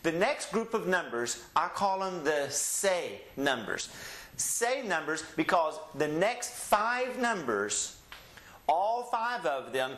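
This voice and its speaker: This is a classroom Spanish lesson from a Southeast Texas man whose voice is high and fairly bright, heard with reverb. He pronounces everything slowly and at length, having learners repeat after him word by word.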